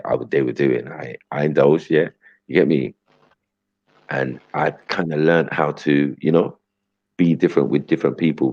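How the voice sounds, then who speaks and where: A man tells stories in an easy, conversational way, often checking that his listener is with him. His voice is extremely deep and gravelly. The recording is dry and a little dull. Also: darkish tone, no echo. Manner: conversational, keeps asking "you get me?". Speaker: host. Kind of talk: casual storytelling chat. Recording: dull lo-fi sound.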